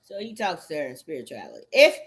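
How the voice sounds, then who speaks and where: A woman's voice: low-pitched, huge pitch swings, quick pace, gravelly, fairly bright tone. A woman in a rambling, profane monologue, full of cursing and repetitive outbursts.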